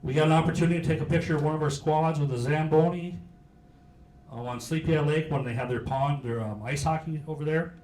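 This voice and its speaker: A man's voice: on the high side, quick pace, a little mellow. A middle-aged man, a county sheriff giving an informal history talk in a meeting hall, folksy and joking, with many fillers. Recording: roomy hall with faint hiss.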